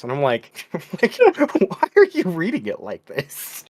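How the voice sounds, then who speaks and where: A man's voice: medium pitch, very animated, moderate pace, few pauses. A man co-hosting a casual podcast chat, telling rambling stories with frequent restarts and laughter. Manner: rambling storyteller who restarts often and laughs. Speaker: podcast co-host.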